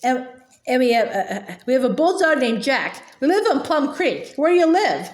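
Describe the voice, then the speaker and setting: A woman's voice: high-pitched, big pitch swings, moderate pace. A woman voicing a shy, blunt young country girl in a storybook reading, talking in an eager, blurting way. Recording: echoey room.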